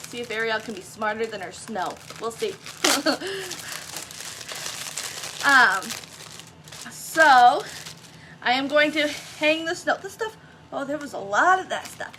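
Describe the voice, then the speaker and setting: A woman's voice: high-pitched, bright, forceful tone, slight background noise. A woman chatting through a craft tutorial, self-deprecating and talking straight to her viewers. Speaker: craft vlogger.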